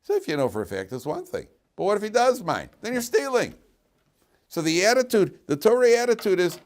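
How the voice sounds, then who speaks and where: Man, rabbi, Torah lecture, storytelling, lively pitch swings, filler-heavy. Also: a little fast. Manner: animated storyteller acting out characters with sharp jumps in pitch and loudness; many "you know" fillers. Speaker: rabbi teaching a weekly Torah class.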